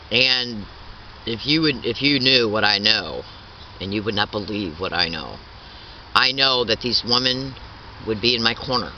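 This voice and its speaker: A man in his fifties, an activist giving an impassioned statement, halting and repetitive, full of restarts and insistent indignation. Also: medium pitch, sharp tone. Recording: dull distant recording with faint traffic.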